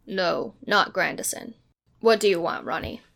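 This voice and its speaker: Woman reading a lovesick young man, brooding, slow and subdued, gravelly edge. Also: lowish voice, lively intonation, a bit bright, exaggerated voice. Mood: tender.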